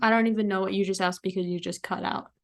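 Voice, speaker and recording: A woman's voice: mid-range voice, fairly even intonation, fast. A young woman hosting a podcast, chatting casually over a call and teasingly brushing off her guest's questions. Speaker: podcast host. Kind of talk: casual chat.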